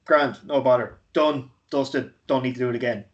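A man's voice: mid-range voice, normal speed. Easygoing man, muffled line. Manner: relaxed, uses filler "you know" often. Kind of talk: casual chat.

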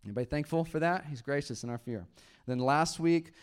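A pastor in his thirties, with a clear, resonant voice on the high side, talks fairly quickly into a handheld mic in a church auditorium. His sermon is conversational, and he jokes with the congregation.

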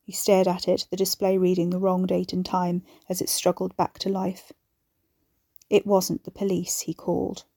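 A woman narrating a horror audiobook in a measured, even storytelling voice. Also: fairly low pitch, dry recording, studio quality.

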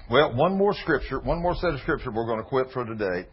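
A man preaching an informal Bible lesson, folksy, reading scripture slowly and with weight. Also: mid-range voice, expressive, slightly rough. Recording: dull lo-fi sermon recording.

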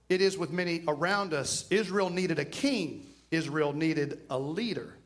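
High-voiced emphatic male pastor preaching. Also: fairly bright tone. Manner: emphatic preacher who repeats key phrases and acts out quotes. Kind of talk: sermon. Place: church.

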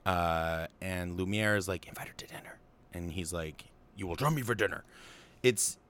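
Low-pitched and a bit bright, a young man talks through a film as a commentator. He recaps and analyzes it casually, rambling along with many fillers and offhand paraphrases of the characters.

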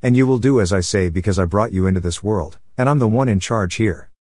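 A man's voice: lowish voice, fast talker, a little mellow, dry recording, clean studio sound, close to an everyday voice. Man reading as bossy entitled mother. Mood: commanding. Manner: bossy, commanding, scheming. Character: domineering entitled middle-aged mother.

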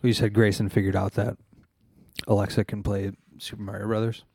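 A man's voice: fairly low pitch, flat delivery, brisk, gravelly, mellow, breathy edge, no room sound. A man co-hosting a podcast in casual chat, with short, dry, teasing replies. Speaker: podcast co-host.

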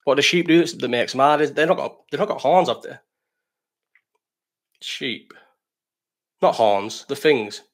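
A man's voice: medium pitch, expressive, unhurried, pauses often. A man hosting a casual live stream, reading chat questions, rambling, swearing and laughing.

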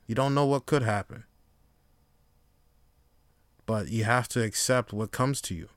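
A man in his own casual solo podcast, rambling and swearing freely as he reflects, then livening up to retell a story. His voice sits in a middle register and comes across smooth and resonant. The sound is close and dry. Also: medium pitch, measured pace, dry recording. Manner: profane, rambling, reflective, swings into animated storytelling. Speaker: podcast host.

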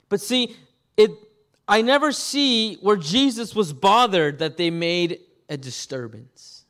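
A man preaching a sermon as pastor, animated and acting out scenes with quick voice changes. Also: high-pitched.

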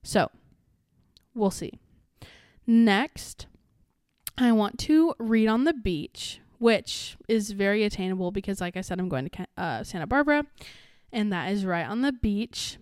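Young adult woman, podcast host, casual rambling chat, lots of fillers, smooth clear voice, dry close sound. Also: mid-range voice, lively intonation, unhurried, a little mellow, no echo. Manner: rambling, chatty, many fillers and restarts.

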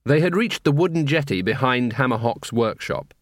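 Guy reading a novel aloud, mid pitch, steady, dry close sound. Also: normal speed, dry recording. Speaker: audiobook narrator. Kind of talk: scripted narration.

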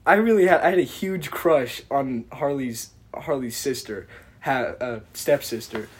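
A man's voice: medium pitch, unhurried, husky. A young man co-hosting a casual podcast chat, telling profane stories and laughing often. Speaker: podcast co-host.

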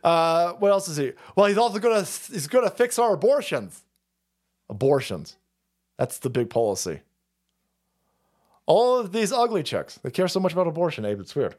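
Loud, mocking man ranting on a stream. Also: sits high, sing-song, normal speed, pauses often. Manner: loud, profane, mocking rant. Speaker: streamer host. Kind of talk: ranting political commentary stream.

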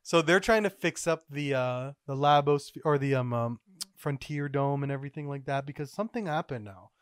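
A man hosting a podcast, recapping comic chapters in a rambling, excitable, casual way. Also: mid-range voice, normal speed, clean tone, no room sound, studio quality. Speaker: podcast host.

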